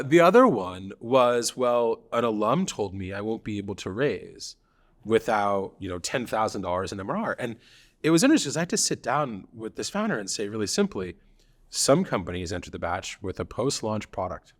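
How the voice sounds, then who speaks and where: A man co-hosting a relaxed conversation about building startups. He tells anecdotes with a lively, swinging pitch, slipping into the voices of founders he quotes. He laughs easily as the point lands. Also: fairly quick. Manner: animated, laughs often, acts out quoted founders. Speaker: startup advisor, co-host. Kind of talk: casual conversational podcast.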